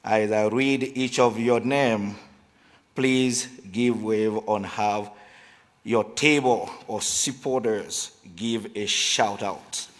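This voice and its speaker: Slow, halting man with a French accent in a reverberant hall. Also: on the low side. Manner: halting reading with restarts, self-deprecating. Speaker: award presenter. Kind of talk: reading an award presentation speech. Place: large banquet hall at a luncheon. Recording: hall reverb in a banquet room.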